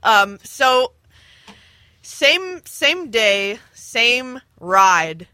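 Woman telling a story, lots of ums and giggles, bright voice, dry close sound. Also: fairly high pitch, sing-song, extremely slow, no room sound. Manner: giggly, rambling with many fillers. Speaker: storyteller on a podcast. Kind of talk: casual chat.

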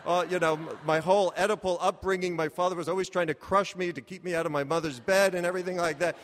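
A man spins a comic story about himself, animated and self-mocking, sometimes bursting into loud cries. His voice sits a little high, and a long reverb from a large hall trails each phrase. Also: fast talker.

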